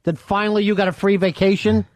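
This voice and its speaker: A man's voice: sits high, level tone, quick pace, a little hiss or hum. A man hosting a radio talk show, teasing his crew in casual banter with many fillers.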